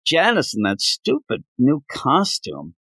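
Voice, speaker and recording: A man reviewing comic books in casual chat, animated and acting out quotes in funny voices. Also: on the high side, a little slow, dry recording.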